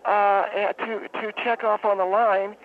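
A man playing a rambling, deadpan woman football fan phoning in to a comic radio bit. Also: high voice, pitched above the performer's own voice. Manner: rambling, deadpan, halting with fillers. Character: woman caller, brawling football fan, middle-aged. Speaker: caller. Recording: tinny phone line, faint hiss.

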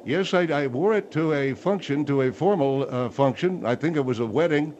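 A man playing a gruff, condescending retired general in a comedy radio bit, stammering and bossy. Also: fairly high pitch, normal speed, a little mellow, dull audio, slight background noise, close to an everyday voice. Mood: boastful.

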